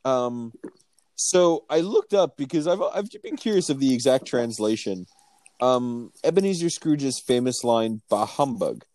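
A man's voice: mid-range voice, expressive, measured pace, a little mellow, dry recording. A man co-hosting a casual podcast, joking and swearing as he talks a movie over from his notes. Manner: joking, profane, reads from notes. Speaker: podcast co-host. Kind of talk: casual movie-discussion chat.

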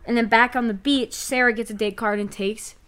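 A woman's voice: a little high, fairly quick. Chatty young woman recapping TV. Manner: chatty, filler-heavy, animated retelling. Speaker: podcast co-host. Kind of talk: casual reality-show recap chat.

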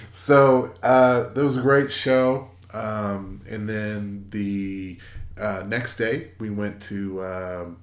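A man in his forties, a podcast co-host, telling a casual story in a rambling, halting way with many fillers and restarts. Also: fairly low pitch, steady tone, slight background noise. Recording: echoey room.

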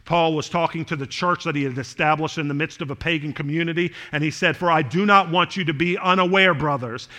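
Fervent high-voiced male preacher. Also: fairly quick, hardly any pauses. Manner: swings from loud fervent preaching to soft quiet talk; asks the congregation questions. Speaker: pastor. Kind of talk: sermon. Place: church, before a congregation.

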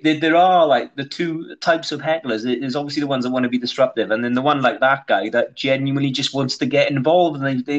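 A man's voice: medium pitch, muffled recording. A Welsh man, a comedian guest, telling rambling anecdotes in casual podcast chat with frequent restarts. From Wales.

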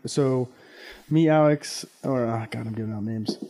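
A man in his twenties, co-hosting a podcast, telling a rambling, animated and profane story. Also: mid-range voice, normal speed. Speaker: podcast co-host. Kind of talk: casual storytelling chat.

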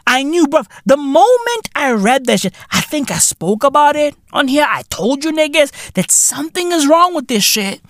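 A man rants solo on his podcast, full of swearing and big swings from low mutters to sudden shouts. His pitch leaps around constantly. The sound is close and dry, with no room echo. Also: very animated, normal speed, few pauses. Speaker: podcast host. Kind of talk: solo comedic rant.

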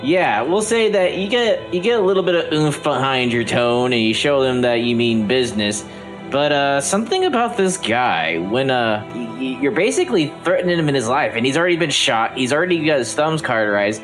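A man narrating a tabletop game as game master, halting often with fillers and restarts over a voice call. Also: medium pitch, very animated, fairly bright tone, soft background music.

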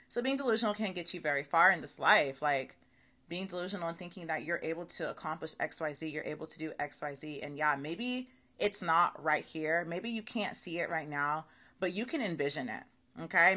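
A young adult woman hosting her own podcast, talking casually and swearing freely, with lots of "okay" and "y'all". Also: lowish voice. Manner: chatty, animated, swears freely, says okay and y'all a lot. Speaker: podcast host. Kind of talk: casual solo podcast monologue.

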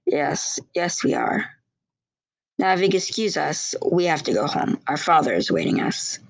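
A woman's voice: low-pitched, steady tone, moderate pace, gravelly, dry recording. A woman voicing a cold, guarded teenage boy who is protective of his sister. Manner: curt and cold.

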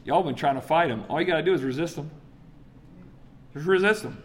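A man preaching a sermon, acting out scripture dialogues with big swings in pitch and loudness. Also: fairly quick, a little hiss or hum.

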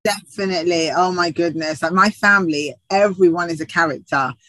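A woman's voice: lowish voice, a little fast, a bit bright, no echo, poor audio. A woman TV presenter and actor from the UK, chatting in an interview with frequent laughs and restarts. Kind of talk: casual interview chat.

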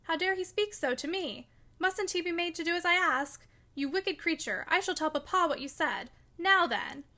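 A spoiled, imperious girl of thirteen, as a woman puts her on, petulant and quick to take offence. The voice sits high and bright, with a sharp, ringing edge. She gives orders as if everyone should jump to obey her. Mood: indignant. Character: spoiled willful thirteen-year-old girl.

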